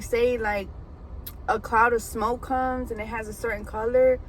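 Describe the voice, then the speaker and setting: A chatty woman tells a story over a meal, animated and full of fillers. Her voice sits a little high and sounds crisp and bright. Faint traffic hums in the background. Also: rough recording. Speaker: hairbraider and food vlogger. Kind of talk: casual storytelling while eating.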